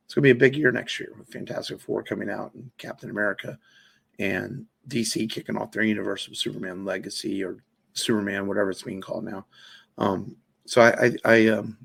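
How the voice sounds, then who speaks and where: Podcast guy, gravelly and a bit husky, rambly casual movie chat. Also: on the low side. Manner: rambling, many fillers and restarts. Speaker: podcast co-host.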